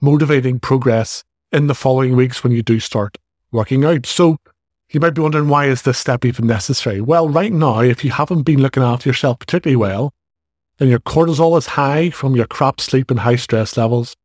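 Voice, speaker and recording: This Northern Irish fitness coach in his forties has a mid-range, darkish voice and a brisk pace. Hosting his solo podcast, he talks casually and directly and slips in jokes, and the dry recording has clean studio sound.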